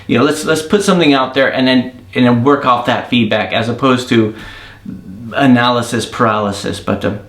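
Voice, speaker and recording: A man at an ordinary, mid pitch talks through his thoughts as an indie app developer, drifting into a casual rant. His voice carries a roomy echo. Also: moderate pace, fairly bright tone. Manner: thinking aloud, rambling rant. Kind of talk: casual daily monologue.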